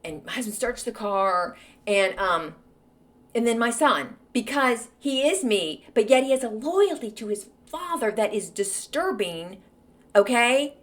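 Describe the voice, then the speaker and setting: Snarky woman host in her forties, animated storyteller whose pitch moves a lot. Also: a little slow. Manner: snarky, animated, acts out quoted voices. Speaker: podcast host. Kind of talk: casual storytelling monologue.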